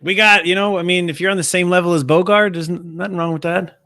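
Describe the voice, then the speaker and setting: A man's voice: sits high, steady tone, fast, bright, forceful tone, dry recording. A man hosting a casual sports podcast, hyped and slangy, with lots of filler words. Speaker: podcast host.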